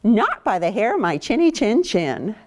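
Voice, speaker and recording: A woman's voice: mid-range voice, sing-song, moderate pace, voice pushed up, natural voice. A woman playing defiant little storybook pigs. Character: stubborn little male pigs refusing the wolf.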